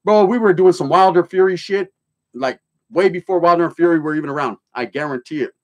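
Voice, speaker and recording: A middle-aged man from California talks loosely on his livestream, reading viewers' chat aloud and spinning old stories. His voice sits a little higher than most men's, and his speech is full of street slang and profanity. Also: brisk, highs cut off. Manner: streetwise slang, swearing, storytelling.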